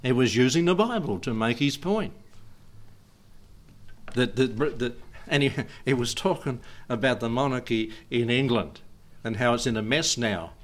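A man's voice: mid-range voice, lively intonation, a little slow. A middle-aged man preaching as a pastor in an informal, digressive way, chuckling often between his points. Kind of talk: informal sermon.

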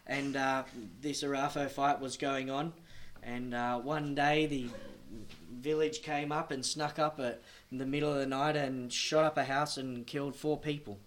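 A man preaching a sermon as a missionary, telling a story and swinging between loud emphatic lines and hushed ones. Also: mid-range voice, flat delivery, moderate pace.

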